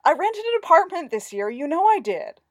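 A petulant young man, put on by a woman reader whines and sulks like a spoiled child. His voice is pushed high, with lively rises. The recording is close and dry. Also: unhurried, no room sound. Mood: whiny. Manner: whiny, sulky. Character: petulant, sullen young male theatre artist.

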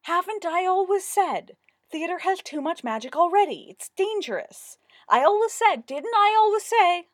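A woman voicing a pompous, know-it-all middle-aged male wizard who talks high and insists loudly that he was right, in a storybook reading. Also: sing-song, fairly quick, no room sound, studio quality, exaggerated voice. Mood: self-righteous. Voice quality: high-pitched, loud, insistent.

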